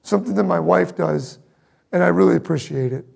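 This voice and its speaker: A middle-aged man preaching a sermon, telling a personal story with emotion, moving between loud emphasis and hushed asides. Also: high voice, a little fast, gravelly. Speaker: pastor.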